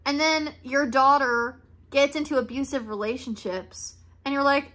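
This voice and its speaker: A woman's voice: high voice, moderate pace, pushed and bright. A young woman venting in a candid, emotional monologue, blunt and swearing freely. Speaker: podcast host.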